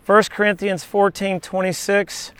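A man's voice: sits high, level tone, unhurried, a bit bright, clean tone, no echo. A male pastor giving a casual, anecdotal sermon at an outdoor beach church, chatting with frequent asides to the congregation.

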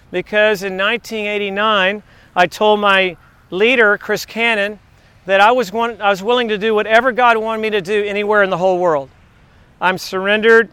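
A man in his fifties, a teacher giving a devotional message to his class, telling faith stories in an excitable, chatty, digressive way. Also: high-pitched, clean tone, dry recording. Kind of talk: rambling faith storytelling to a class.

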